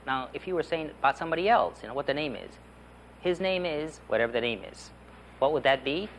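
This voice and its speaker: A man teaches beginner Spanish with lots of enthusiasm, coaxing learners to repeat each phrase. His pitch swings widely as he drills. A faint background hiss sits under the recording. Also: animated, fast, a bit bright. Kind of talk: animated language lesson.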